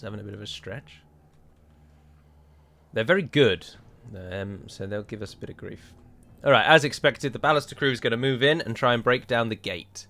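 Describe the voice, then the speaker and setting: A man's voice: fairly low pitch, creaky, a bit bright. Chatty man narrating a strategy game. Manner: chatty and wry, with rambling asides. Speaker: game modder playing a strategy game. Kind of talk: gameplay commentary.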